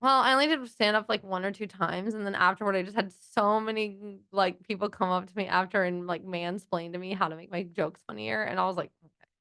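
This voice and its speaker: A young adult woman, a guest in a casual interview, talking quickly and animatedly with many fillers and playful acted-out quotes. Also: medium pitch, fairly even intonation, bright, forceful tone, smooth, dry recording, studio quality. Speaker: guest, financial literacy educator.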